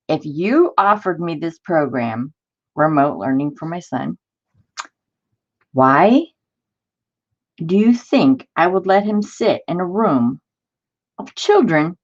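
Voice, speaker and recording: A woman's voice: deep voice, lo-fi sound. A woman hosting a crafting stream, venting in casual chat and answering viewers in the chat. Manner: exasperated, talks to live chat viewers. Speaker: crafting channel host.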